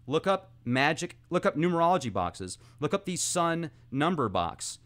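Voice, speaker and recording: A man hosting an informal monologue, talking animatedly and excitably, speeding up and slowing down as he goes. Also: on the high side. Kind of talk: casual esoteric monologue.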